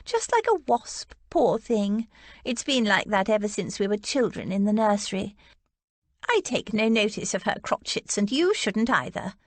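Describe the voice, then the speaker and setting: A woman voicing a placid, cheerful elderly spinster aunt in an audiobook, gentle and chatty. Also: mid-range voice, very animated, moderate pace, no room sound, close to an everyday voice. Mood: amused.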